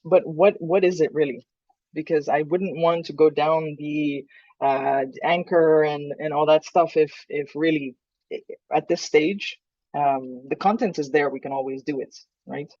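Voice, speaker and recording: Relaxed woman co-host thinking aloud on a call. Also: low voice, unhurried, no echo, dull audio. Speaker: podcast co-host. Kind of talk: casual chat. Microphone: video call.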